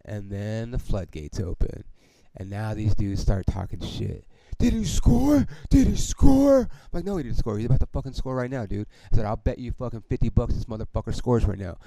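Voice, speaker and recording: A man's voice: fairly low pitch, brisk, creaky, no echo, rough recording. A man hosting a podcast, telling a story in a heated, profanity-heavy way, peppered with "dude" and "okay". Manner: heavy swearing, heated and animated; frequent fillers like "dude" and "okay". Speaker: podcast host. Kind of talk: casual storytelling monologue.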